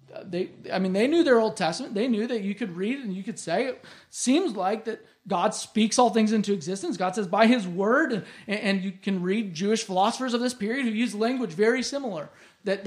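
An earnest speaker gives a verse-by-verse Bible lesson in a mid-range voice. The delivery is emphatic, sinking low and quiet on the key phrases. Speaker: Bible teacher. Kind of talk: expository Bible teaching.

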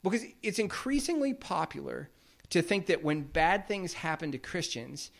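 A man's voice: on the high side, animated, normal speed, vocal fry. A man preaching a sermon as pastor, explaining scripture in a plain, conversational way.

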